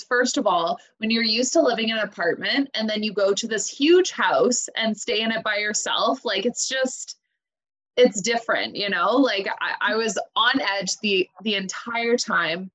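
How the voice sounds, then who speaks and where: A young woman co-hosting a podcast, telling a story in animated casual chat. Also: mid-range voice, measured pace, low-quality recording. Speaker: podcast co-host.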